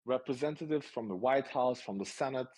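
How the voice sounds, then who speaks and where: Male co-host, mid-pitch, hesitant, stammers and checks for agreement. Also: brisk, a little mellow. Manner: hesitant, stuttering restarts, seeking agreement. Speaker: market analyst stream co-host. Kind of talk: casual livestream chat.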